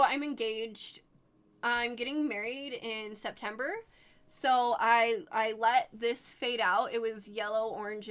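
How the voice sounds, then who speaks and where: A young woman from Oregon streaming live, chatting casually with viewers and gushing excitedly. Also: a little high. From Oregon, United States.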